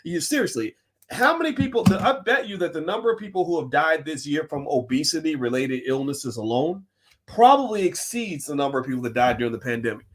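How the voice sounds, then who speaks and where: A middle-aged man from the United States, hosting a livestream as a finance professor, talking in an emphatic, animated way that swings between loud and quiet. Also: a little high, fairly quick. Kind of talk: livestream commentary.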